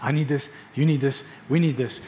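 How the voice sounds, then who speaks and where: A man's voice: mid-range voice, steady tone, fairly quick, warm tone, a little hiss or hum. A man preaching a passionate, emphatic sermon and speaking directly to his congregation in a church. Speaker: pastor.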